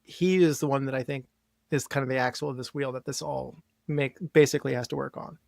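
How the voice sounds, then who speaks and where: A man's voice: mid-range voice, steady tone, brisk, gravelly, no room sound, studio quality. A man guesting on a film podcast, rambling a little and hedging his points as he talks. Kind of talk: casual film review chat.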